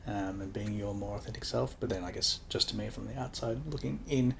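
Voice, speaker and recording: A man's voice: on the low side, fairly quick, vocal fry, a little hiss or hum. Man, podcast guest, teasing dry humour, casual talk. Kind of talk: casual chat.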